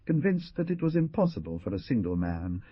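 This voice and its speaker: Guy reading a western audiobook, kinda husky, bouncy pitch, dry lo-fi sound. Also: fairly quick, no echo. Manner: expressive storytelling. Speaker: audiobook narrator. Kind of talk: scripted narration. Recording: dull dry lo-fi.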